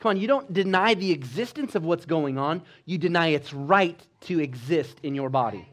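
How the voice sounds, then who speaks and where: A man preaching a sermon with exhortations, swinging between loud emphatic lines and quiet low ones. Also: lively intonation, normal speed. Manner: exhorting, with call-and-response asides. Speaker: pastor.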